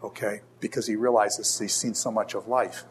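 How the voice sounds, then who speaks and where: A man's voice: on the low side, fairly even intonation, moderate pace, slight background noise. A middle-aged man lecturing a class on Scripture, often throwing rhetorical questions at his students. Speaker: Bible teacher.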